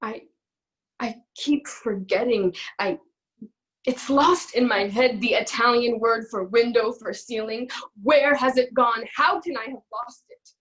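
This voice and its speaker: A woman acting out a weary young woman lamenting her lost life, in a halting, mournful scene reading for an acting class. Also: on the high side, fairly bright tone. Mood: despairing.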